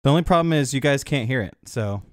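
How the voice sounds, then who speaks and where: A man's voice: medium pitch, expressive, fast talker, no room sound, clean studio sound. A man streaming live, chatting casually and upbeat with his viewers.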